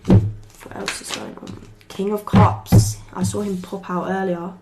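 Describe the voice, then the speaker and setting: A woman's voice: mid-range voice, little pitch movement, unhurried, creaky, loud music behind the voice. A young woman giving a casual tarot reading to camera, rambling and chatty, swearing freely and saying "like" often. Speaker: tarot reader.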